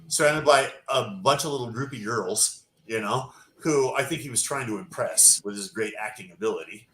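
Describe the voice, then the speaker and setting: A man telling a long profane story as a podcast guest, loud and animated. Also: medium pitch, normal speed, echoey room, low-quality recording. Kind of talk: casual storytelling.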